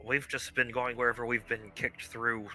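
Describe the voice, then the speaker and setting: A man's voice: medium pitch, level tone, normal speed, sharp tone, a little hiss or hum. A man playing a tabletop game, speaking in a hesitant way with sighs. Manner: hesitant, sighing. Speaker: player.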